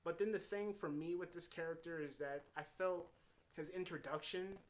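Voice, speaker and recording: Male movie reviewer, slightly higher voice, loose rambling delivery full of fillers. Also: steady tone, normal speed. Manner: rambling, heavy on fillers and restarts; retells scenes in paraphrased quotes. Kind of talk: casual unscripted film review.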